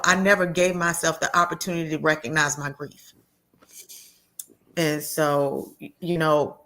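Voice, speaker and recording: Low-voiced woman sharing a heartfelt story. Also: pushed and bright. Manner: earnest, halting, with many restarts and repeated words; acts out quoted voices of others in her story. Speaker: guest.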